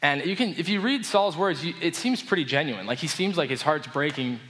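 A man preaching a casual, conversational sermon, explaining a story with relaxed enthusiasm. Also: fairly high pitch, a little fast. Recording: long reverb of a hall.

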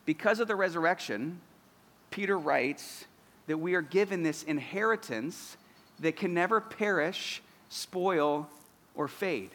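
A pastor in his thirties delivers an earnest sermon in a voice that is high for a man and fairly bright. He builds steadily toward emphatic, declarative lines, and the sound suggests a large room.

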